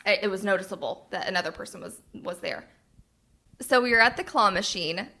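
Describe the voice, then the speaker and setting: A young woman with a bright, clear voice tells a personal story on a casual podcast. She talks earnestly, laughs between phrases and gets openly emotional as she goes. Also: mid-range voice. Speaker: podcast co-host.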